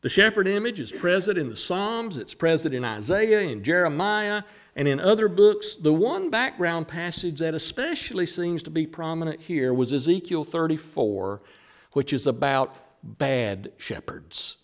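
A man preaching a sermon, who slows down and leans hard on the words he wants to stress. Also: a little high, expressive.

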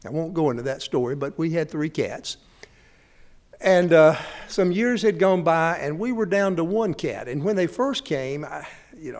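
A pastor preaching in a folksy, storytelling way, often speaking directly to his listeners. His voice sits a bit higher than most men's. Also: a little mellow. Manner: folksy storytelling, talks straight to the audience. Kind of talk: sermon.

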